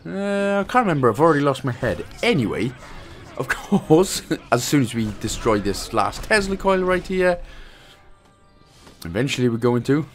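A Welsh man hosting a gaming channel chats casually over gameplay. He jokes and mocks himself between tips, with a middle pitch that swings lively up and down. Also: moderate pace, soft background music. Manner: joking, chatty, self-mocking.

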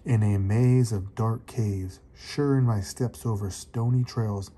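Man voicing an old rabbit explorer, slow measured storybook voice, low and dark. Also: steady tone, breathy edge. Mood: proud.

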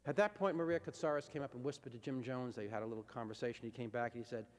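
A man's voice: medium pitch, rapid-fire. A man giving a university lecture, telling events as a dramatic storyteller who acts out quoted dialogue. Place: lecture hall. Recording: reverberant lecture hall, old tape.

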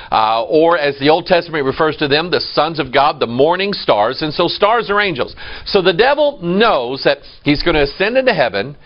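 A man's voice: on the high side, highs cut off. A man preaching a sermon in a church, emphatic and quoting scripture. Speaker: pastor.

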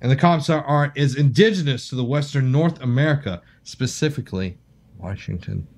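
A man co-hosts a casual podcast. He jokes, teases his co-host and reads sponsor copy loosely. His voice sits mid-pitch, relaxed and everyday. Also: normal speed.

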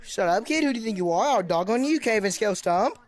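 A woman's voice: mid-range voice, animated, fast talker. A young woman trash-talking other players in game voice chat, repeating taunting, mock-tough insults. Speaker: gameplay streamer.

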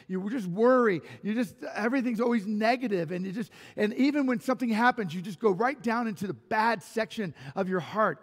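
A man preaching a conversational sermon in a church, telling personal stories with lively restarts. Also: sits high. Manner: animated personal storytelling with restarts. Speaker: pastor. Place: church sanctuary. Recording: long reverb of a church hall.

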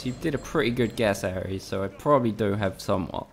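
A man's voice: fairly low pitch, expressive, fast talker, vocal fry, slight background noise. A young man from Spain, chatting casually with his viewers and swearing freely while he streams a game. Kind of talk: casual live-stream commentary.

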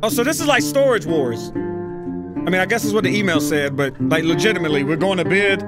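A man's voice: a little high, sing-song, brisk, over loud music. A young adult American man giving profane, joking commentary as he plays a video game and reads game text aloud. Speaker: gaming YouTuber.

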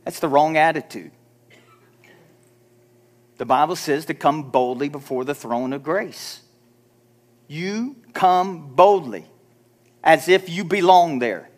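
A man preaching a sermon as pastor, animated, acting out timid prayers in a hushed voice. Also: a little high, slow pace, long pauses. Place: church sanctuary.

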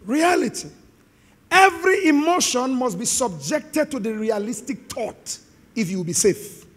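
A middle-aged man with a Nigerian accent, preaching an animated, joking sermon to a live congregation. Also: extremely high pitch, measured pace. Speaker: pastor. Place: large hall with live congregation. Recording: long hall reverb.

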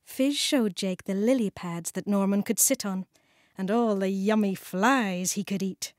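A British woman narrating a children's storybook, warm and clearly enunciated. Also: medium pitch, dry recording, clean studio sound. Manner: warm, slow, clearly enunciated, sing-song. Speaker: audiobook narrator.

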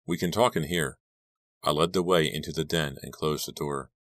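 A man narrating a teen horror audiobook in the first person, reading in a steady, measured way. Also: a bass voice, no room sound, clean studio sound.

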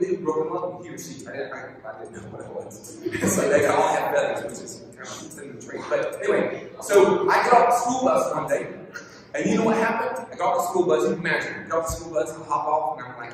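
A man giving a storytelling youth sermon, animated and joking, repeating his key lines. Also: fairly high pitch, brisk, noisy background. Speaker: youth pastor. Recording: echoey hall from far off.

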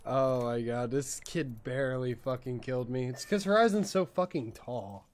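A man streaming a shooter game with teammates, calling out plays and shouting orders when the fight gets tense. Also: medium pitch, moderate pace, slight background noise. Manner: shouts urgent commands when excited. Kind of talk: casual gaming callouts.

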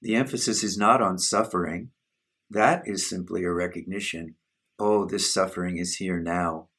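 A man giving a slow, measured, contemplative spiritual talk as a teacher leading a satsang on self-inquiry. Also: sits low, fairly even intonation, a bit bright, husky.

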